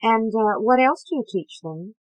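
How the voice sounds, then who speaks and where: A woman's voice: fairly high pitch, animated, normal speed, no echo, voice pushed up, lightly acted, low-quality recording. A woman reading a witty young woman who speaks with polite, sly irony. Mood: wry.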